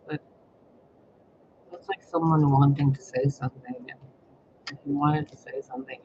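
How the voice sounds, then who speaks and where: A man's voice: a little high, moderate pace, long pauses, lo-fi sound, a little hiss or hum. A man doing tarot readings, talking in a rambling, blunt way with a lot of swearing. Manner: profane, expressive, blunt. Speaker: tarot reader. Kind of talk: rambling casual monologue.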